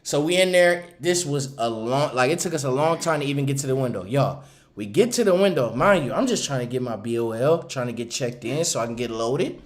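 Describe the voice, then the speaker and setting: A man who runs a small trucking company, telling a story on a casual livestream, animated, laughing often and acting out the people he talks about. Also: mid-range voice, brisk, slight background noise. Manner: animated, acts out the people in his stories.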